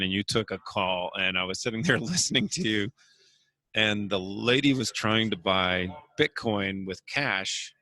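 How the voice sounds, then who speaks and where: A man hosting a show, interviewing a guest in a relaxed, conversational way. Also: fairly low pitch, no room sound. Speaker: show host. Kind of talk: casual interview.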